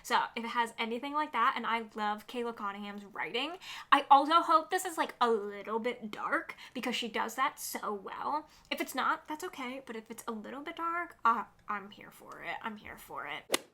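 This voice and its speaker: A woman's voice: on the high side, animated, normal speed, sharp tone. A woman vlogging about upcoming books in a casual, gushing, upbeat way, with lots of "like" in her speech. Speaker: book vlogger. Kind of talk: casual chatty book rundown.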